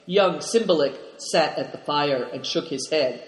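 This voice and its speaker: High-voiced male audiobook narrator, roomy. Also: unhurried. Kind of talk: scripted narration. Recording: roomy with long reverb.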